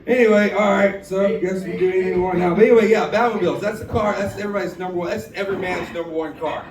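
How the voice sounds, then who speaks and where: Guy doing standup at a bar mic, high-pitched voice, roomy echo, crowd noise, recorded from way back. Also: steady tone, racing. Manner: self-deprecating, drawling joke delivery. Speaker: stand-up comedian. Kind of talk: stand-up comedy set. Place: bar stage. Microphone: handheld stage mic. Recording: echoey bar from far off with crowd.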